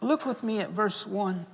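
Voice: mid-range voice, animated, a little slow, creaky, slightly rough. A pastor preaching a sermon and leading an altar call, fervent, repeating key phrases and punctuating them with "amen" and "beloved.". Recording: long reverb of a large hall.

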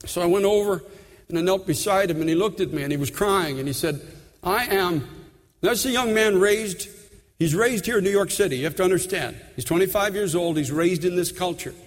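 A pastor preaching a sermon in a church sanctuary, building to impassioned appeals. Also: male voice, a little fast, long reverb tail. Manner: impassioned preaching, rising in pitch and force.

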